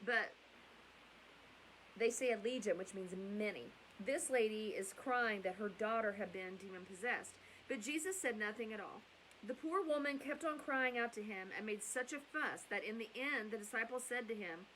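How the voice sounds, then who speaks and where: A middle-aged woman with a somewhat high voice tells a bedtime Bible story. She rambles into chatty asides and corrects herself as she goes. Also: lively intonation, normal speed, fairly bright tone, slight background noise, rough recording. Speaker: storyteller and host.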